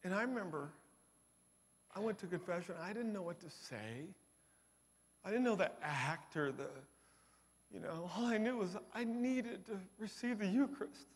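High-voiced man preaching in a hall. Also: animated, normal speed, long pauses. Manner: emotional, builds from quiet to loud. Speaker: conference speaker. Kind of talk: testimony talk. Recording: long hall reverb.

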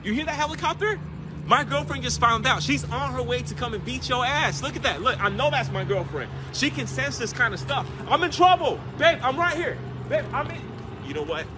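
High bright guy doing a skit, all over the place in pitch, dramatic and exasperated. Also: expressive, fairly quick, background noise. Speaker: comedy sketch creator. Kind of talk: comedic skit acting.

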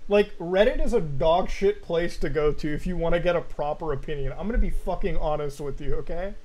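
A young man streaming, ranting casually and profanely, now and then breaking into loud shouts and laughter. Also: a little high, fairly quick. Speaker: streamer reacting to videos.

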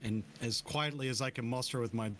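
Sex: man. Role: relaxed tabletop player. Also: medium pitch, brisk. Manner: relaxed, filler-heavy. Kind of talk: casual tabletop play. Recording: faint background noise.

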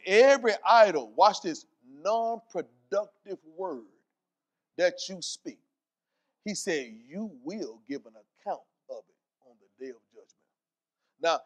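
High-voiced preaching pastor, emphatic. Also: male voice, a bit bright. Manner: preaching with rising, emphatic repetition and scripture quotes. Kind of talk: sermon. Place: church.

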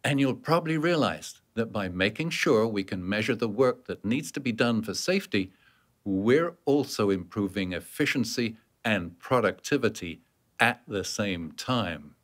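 A man's voice: lowish voice, expressive, unhurried, a bit bright. A man giving scripted narration for a workplace safety training course, explaining step by step and answering his own questions.

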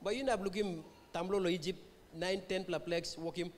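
A man with a Papua New Guinean accent preaches at a revival meeting, his voice sitting high for a man. He moves back and forth between English and Tok Pisin and keeps asking the listeners questions. The sound carries a long reverb from the church hall. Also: fairly even intonation, fairly quick. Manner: mixes English and Tok Pisin, quizzes the congregation. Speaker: pastor. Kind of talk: revival sermon.

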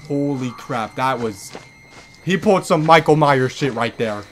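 Male horror let's-player, crisp bright tone, jumpy and foul-mouthed, mid-range pitch. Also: animated, a little slow, slight background noise. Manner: jumpy, swears often, loud startled outbursts. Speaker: gaming channel host. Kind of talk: horror game let's play commentary.

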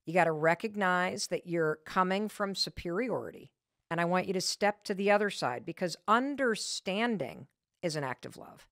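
A woman hosting a podcast talks with a very lively, swooping pitch, animated and frank as she tells a story against herself. Her voice is close and dry, with no room sound. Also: moderate pace, no echo. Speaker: podcast host. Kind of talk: motivational podcast talk.

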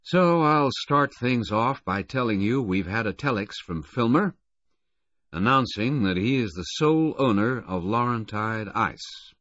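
A man reading a steady, earnest racing official. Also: medium pitch, no room sound, highs cut off, voice pushed up. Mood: brisk. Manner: earnest, halting when grieving. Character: grieving but steady middle-aged racing official.

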